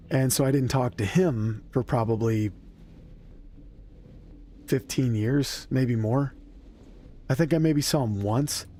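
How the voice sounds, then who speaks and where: A man streaming a video game, talking to his chat in a loose, rambling way with plenty of swearing. He speaks at an ordinary mid pitch and laughs at his own mistakes. There is a faint hiss of noise under his voice. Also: mellow. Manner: loose, rambling and self-deprecating, with frequent swearing; candid and openly emotional. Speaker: gaming streamer. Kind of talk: casual live-stream chat while playing.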